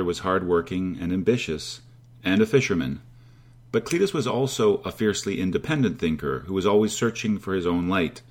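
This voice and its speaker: Male narrator for a fable: steady delivery, low and breathy-husky tone. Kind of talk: storytelling narration.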